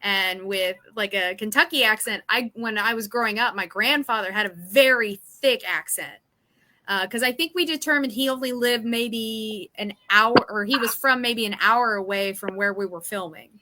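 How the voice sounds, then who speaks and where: A woman's voice: mid-range voice, moderate pace, bright, forceful tone, a little hiss or hum. A woman, a guest actress, chatting casually and giggling between stories. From Indiana. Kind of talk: casual panel chat.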